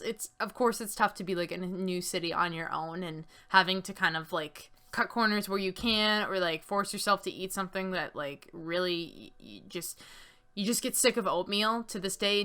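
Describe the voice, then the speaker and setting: A woman's voice: medium pitch, fairly bright tone. A young woman chatting casually while playing a text game and reading its story aloud, laughing easily and using lots of fillers. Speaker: game streamer. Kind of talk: casual let's-play chat and reading aloud.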